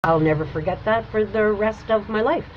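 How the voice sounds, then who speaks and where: A woman host telling a personal story in a chatty, animated way, acting out what people said. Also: medium pitch, moderate pace, lo-fi sound, slight background noise. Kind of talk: casual storytelling monologue.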